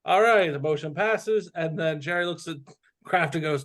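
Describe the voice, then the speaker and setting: A man's voice: on the high side, normal speed, a bit bright. A man co-hosting a casual sports talk show, incredulous and wry in his asides. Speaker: co-host.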